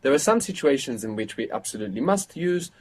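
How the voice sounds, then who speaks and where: A man's voice: mid-range voice, big pitch swings, fast talker, a little hiss or hum. Patient man teaching grammar. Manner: patient, explanatory, quizzing students. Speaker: language teacher. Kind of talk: live online language lesson.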